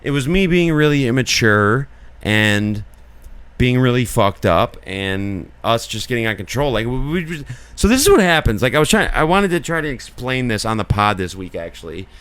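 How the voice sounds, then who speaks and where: A man's voice: mid-range voice, sing-song, moderate pace, fairly bright tone, clean tone, no echo. A man co-hosting a podcast in casual chat, talking in long earnest rambles full of filler likes. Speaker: podcast co-host.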